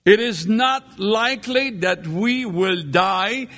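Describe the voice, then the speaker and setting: Man, preacher, high-pitched, slow deliberate sermon delivery. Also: a bit bright.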